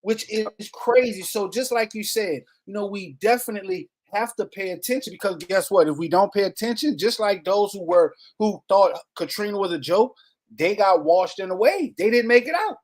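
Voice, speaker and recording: A man's voice: sits high, lively intonation, moderate pace. A man with a New Orleans accent co-hosting a casual podcast, hyped and chatty, leaning on "you know". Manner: hyped, repeats greetings, drawls "you know". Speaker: podcast co-host.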